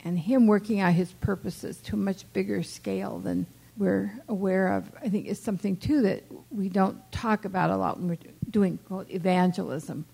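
A woman in a church discussion, sharing her thoughts in a measured way. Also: medium pitch, steady tone, gravelly, mellow, slightly rough, rough recording.

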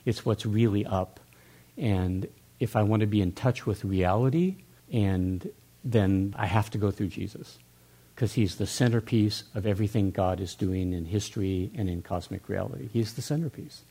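A man's voice: on the low side, normal speed, mellow, breathy edge. An older man talking earnestly in a church discussion, musing aloud with restarts.

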